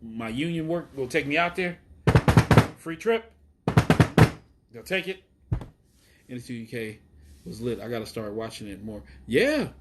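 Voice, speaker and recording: A man's voice: mid-range voice, measured pace, long pauses, heavy background noise. Fired-up profane man ranting outdoors. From Chicago. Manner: profane, excitable, rambling. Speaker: wrestling show host. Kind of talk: casual live-stream rant. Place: outdoors in the heat.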